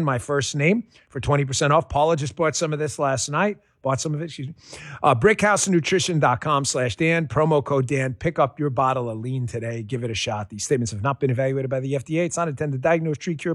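A man reading a sponsor ad live on a radio show as a pushy, energetic pitchman. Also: fast talker, hardly any pauses, no echo, clean studio sound.

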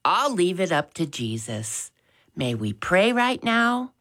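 A woman's voice: on the low side, big pitch swings, takes it slowly, a bit bright, voice pushed up, exaggerated voice. A woman voicing an eager, polite young boy in a children's story. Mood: earnest. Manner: eager, respectful.

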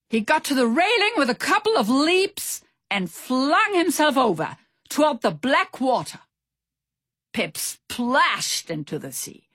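A woman reading a children's storybook aloud with expressive, animated delivery. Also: a little high, husky, no echo, clean studio sound. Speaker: narrator.

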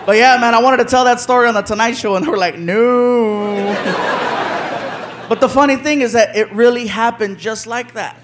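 Very high-voiced male stand-up comic. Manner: animated, brisk storytelling with laughs. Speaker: stand-up comedian. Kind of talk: stand-up storytelling. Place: comedy stage before live audience. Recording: live club with crowd noise.

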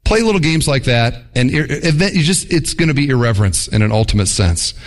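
Animated man preaching. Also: mid-range voice, a little fast. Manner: animated, mock voices for illustrations. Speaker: pastor. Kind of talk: sermon.

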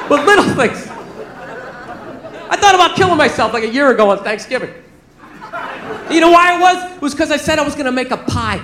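A man doing a rambling, confessional stand-up set who bursts into shouting now and then. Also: extremely high pitch, expressive, fairly quick, long pauses, noisy background. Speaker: stand-up comedian. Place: comedy club stage. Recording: roomy live club with crowd laughter.

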